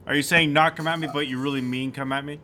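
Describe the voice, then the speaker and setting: A man's voice: a little high, steady tone, fast, pushed and bright. A man co-hosting a podcast in casual chat over a video call, with a wry, teasing manner. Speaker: podcast co-host.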